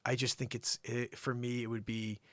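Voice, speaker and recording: A man's voice: medium pitch, normal speed, no echo. A middle-aged man hosting a livestream, chatting casually in a rambling way and slipping into impressions. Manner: rambling, animated, breaks into impressions. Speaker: livestream host.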